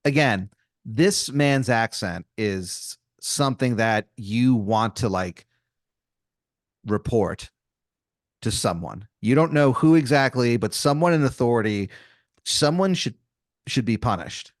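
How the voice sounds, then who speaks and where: A man's voice: mid-range voice, lively intonation, takes it slowly, dry recording, studio quality. A man improvising a comedy story on a podcast, casual and profane, rambling with fillers. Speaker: podcast co-host.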